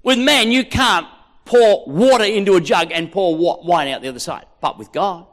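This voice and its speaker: A pastor with an Australian accent preaches a rousing, jokey sermon in a large, echoey hall. His voice is high and a bit bright, delivered at a moderate pace.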